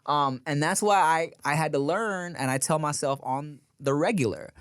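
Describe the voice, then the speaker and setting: A man's voice: fairly high pitch, normal speed, fairly bright tone, smooth, no echo. A man co-hosting a casual podcast, talking in slang and giving strong opinions. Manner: slangy, opinionated, says dog and bruh. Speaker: podcast co-host.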